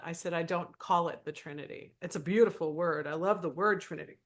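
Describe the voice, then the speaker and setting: A woman's voice: on the low side, normal speed. A woman podcast co-host and former minister, telling a story animatedly and acting out the dialogue. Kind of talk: storytelling in casual conversation.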